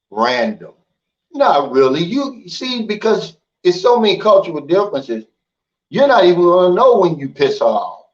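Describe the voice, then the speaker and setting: Guy doing a livestream, blunt and folksy, kinda highish voice, muffled lo-fi sound. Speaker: livestream host. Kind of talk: casual livestream chat. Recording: dull lo-fi stream audio.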